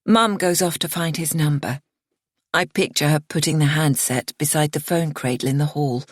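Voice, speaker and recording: Low, husky woman narrating a thriller. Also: dry recording, clean studio sound. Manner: measured, expressive storytelling. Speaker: audiobook narrator. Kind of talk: first-person thriller narration.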